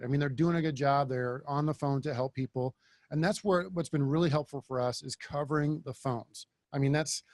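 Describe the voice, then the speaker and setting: A man hosting a podcast interview, talking bluntly and casually and thinking out loud. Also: on the high side, no echo. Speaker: podcast host.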